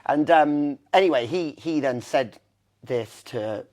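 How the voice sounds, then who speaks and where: A man's voice: on the high side, slow pace, darkish tone. A young man, a guest in an interview, telling candid stories with lots of fillers and restarts. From England. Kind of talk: conversational storytelling.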